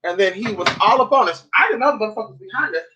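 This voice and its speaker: A woman's voice: mid-range voice, expressive, racing, background noise. A woman vlogging at home, chatting to her viewers in a sassy, profane way and calling them girl and honey. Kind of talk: casual chat to camera.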